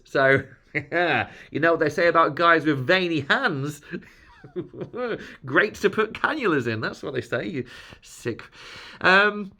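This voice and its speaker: A man's voice: fairly high pitch, animated, unhurried, sharp tone. A man vlogging, telling stories about his hospital visits in a chatty, joking, self-mocking way. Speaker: vlogger sharing his health journey. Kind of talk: casual storytelling to camera.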